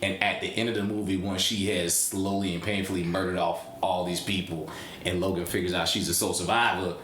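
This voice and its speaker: A man casually reviewing a horror film, ranting with lots of profanity and getting loud and animated. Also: a little fast, echoey room, a little hiss or hum. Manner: animated, profane, rants with rising pitch.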